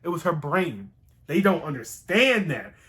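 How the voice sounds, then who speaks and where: A man casually rambling through a show recap, excitable and slangy, with some swearing. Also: on the high side, unhurried.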